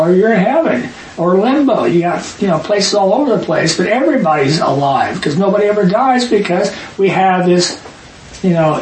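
A man leading a Bible study, reading verses aloud and arguing his points emphatically with quick asides. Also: high voice. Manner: emphatic, rapid asides, reads scripture aloud. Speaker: Bible teacher. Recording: echoey room, distant mic, faint hiss.

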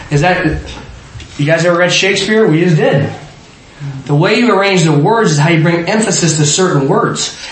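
A man leading an interactive Bible study, talking conversationally, quizzing his small group and often restarting his sentences. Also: fairly high pitch. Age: adult parent. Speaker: Bible teacher. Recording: echoey room with faint noise.

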